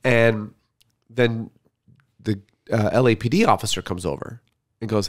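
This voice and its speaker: A man's voice: lowish voice, a little slow, pauses often. A middle-aged man, a comedian, telling a story casually and acting out the quotes. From Canada. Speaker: comedian guest.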